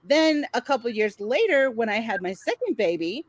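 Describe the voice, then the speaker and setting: A middle-aged woman co-host with a slightly high voice, recorded dry and close. She chats casually, laughing often and reacting to her partner. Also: very animated, moderate pace, no echo. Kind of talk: casual chat.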